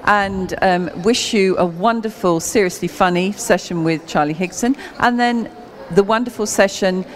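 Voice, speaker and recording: A woman's voice: mid-range voice, moderate pace. A woman hosting a radio book show, interviewing a guest with hesitant, filler-heavy speech.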